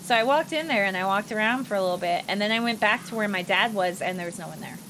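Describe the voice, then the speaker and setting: Talking at a quick pace, a young Midwestern woman shares a casual story with her stream during gameplay, her voice leaping up in moments of exasperation. There's slight background noise, and the recording is rough.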